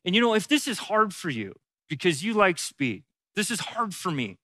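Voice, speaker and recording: A man's voice: high voice, very animated, moderate pace, pushed and bright, no echo, studio quality. A man giving a conversational Bible teaching as a pastor, repeating key phrases for emphasis.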